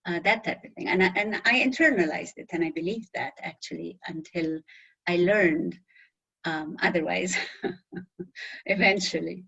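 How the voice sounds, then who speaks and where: A woman's voice: lowish voice, steady tone, a little slow, a bit bright. A woman from the Middle East with a thick Middle Eastern accent, a guest in an interview who talks candidly and animatedly about her experiences. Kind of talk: casual interview answers. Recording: dull lo-fi audio.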